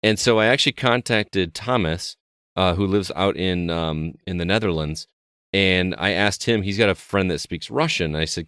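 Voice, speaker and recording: Chatting casually on a podcast he co-hosts, a man tells a meandering story full of restarts. He speaks at a moderate pace in a low, clear, resonant voice that's slightly bright. The recording is clean studio audio without echo.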